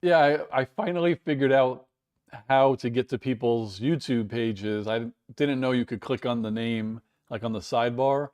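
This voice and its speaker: At home indoors, an American man from the United States hosts a casual live stream, rambling and chatting self-deprecatingly while reading viewer comments. His medium-pitched voice has a darkish, clean tone and a moderate pace.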